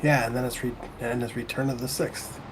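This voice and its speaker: A man's voice: mid-range voice, level tone, a little fast, noisy background. A man joining a gaming livestream as co-host, telling casual anecdotes and acting out the quoted dialogue. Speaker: stream co-host.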